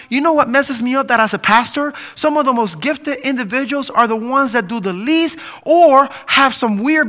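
A male pastor preaching an impassioned sermon in a church. His voice sits very high for a man and rings bright and forceful. He reads scripture aloud and presses his congregation with rising emphasis.

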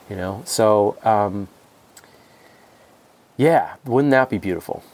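A man's voice: fairly low pitch, takes it slowly, long pauses, darkish tone. A man speaking as a podcast guest and coach, rambling and repeating words in casual conversation. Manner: rambling, repeats words, acts out quoted voices.

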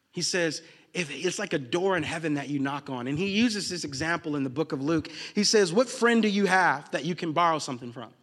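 A man preaching a sermon to his congregation, telling funny stories with shouted bursts, then dropping low and soft for serious points. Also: breathy edge. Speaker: pastor.

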